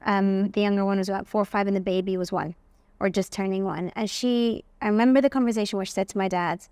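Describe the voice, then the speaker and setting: A woman from England, a guest in an interview telling lively personal stories and often saying "like". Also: mid-range voice, fast talker, dry recording. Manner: animated, acts out quoted voices, frequent "like". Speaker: guest, facial aesthetics practitioner.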